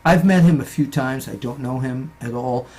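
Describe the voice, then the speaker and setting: A man hosting a casual interview, prompting his guest and speaking haltingly. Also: mid-range voice, mellow. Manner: brief encouraging interjections, halting. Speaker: interviewer, host.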